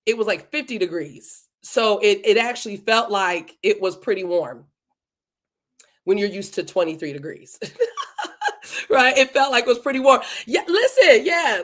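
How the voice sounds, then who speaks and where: Woman, podcast host, live stream chat, effusive, greets viewers, slightly high voice. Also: fairly bright tone. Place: home, Delaware.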